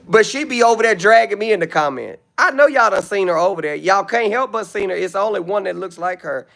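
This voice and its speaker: Man, livestreamer, sassy theatrical roasting, high voice, gravelly fry. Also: expressive, brisk, few pauses, a bit bright. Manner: sassy, theatrical, mock-pleading. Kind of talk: live stream roasting a commenter.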